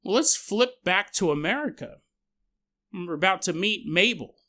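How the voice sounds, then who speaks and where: A man hosting a podcast, telling a story in a casual, animated, jokey way and acting out the sound effects and the quotes himself. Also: sits high, unhurried. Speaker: podcast host.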